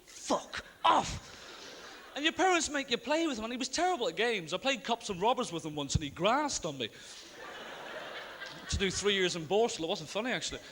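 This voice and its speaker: A young man from Ireland, doing a stand-up comedy routine live on a theatre stage, tossing in deadpan asides and quick voices of other people. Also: high-pitched, a little hiss or hum. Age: young adult. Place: large theatre stage with audience. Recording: live theatre recording with long reverb and faint ambience.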